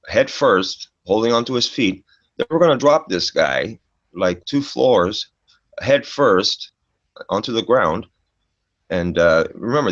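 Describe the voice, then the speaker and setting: A man's voice: low voice, a bit bright, dry recording. A middle-aged man telling a story in casual chat, profane and emphatic, ending lines with "man". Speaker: storyteller guest. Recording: dull lo-fi dry recording.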